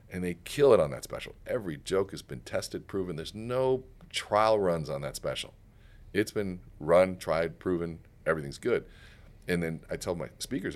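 A guest on a podcast, a male author, speaks in a low voice with lively intonation, racing through stories with emphasis, swearing and acting out quotes. The animated interview takes place on a podcast studio set, with slight background noise.

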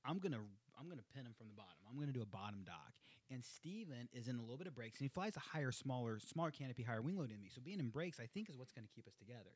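A man's voice: mid-range voice, very fast, hardly any pauses, breathy edge, dry recording. A man in casual chat among skydiving friends, telling stories animatedly and laughing often. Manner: animated storyteller, acts out quotes, laughs often.

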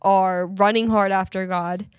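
A woman's voice: mid-range voice, fairly even intonation, unhurried, clear, resonant tone, dry recording, studio quality. A woman co-hosting a podcast, talking earnestly and emphatically in casual faith chat, often repeating herself. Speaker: podcast co-host.

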